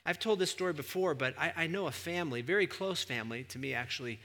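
Casting: male pastor, higher-pitched, very bright and forceful delivery, animated storyteller, long church-hall reverb. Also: quick pace. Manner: animated storyteller, surges to emphatic near-shouts. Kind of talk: sermon. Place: church sanctuary.

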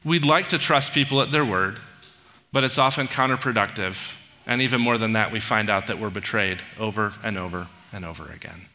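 Bright-voiced preacher in a reverberant hall. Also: male voice, fairly low pitch, brisk. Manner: storytelling, retells film scenes with asides and audience questions. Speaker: pastor. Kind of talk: conversational sermon.

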